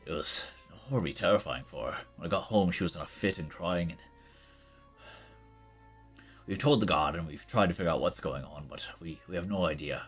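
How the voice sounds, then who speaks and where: A man voicing a gruff, weary half-orc sailor who talks in a halting, apologetic way. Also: sits low, expressive, a bit bright, exaggerated voice. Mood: troubled. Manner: halting, apologetic, worn-down talk. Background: faint background music.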